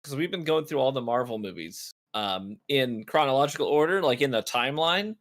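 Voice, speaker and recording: Lively easygoing podcast co-host. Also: male voice, medium pitch, fairly quick. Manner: easygoing, laughs along, even-keeled. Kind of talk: casual chat.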